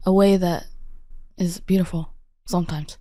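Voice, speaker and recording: A woman's voice: fairly low pitch, steady tone, normal speed, mellow, no echo. A young woman of about eighteen, a guest in an interview, talking casually and often saying "like", with a self-mocking streak. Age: late teens.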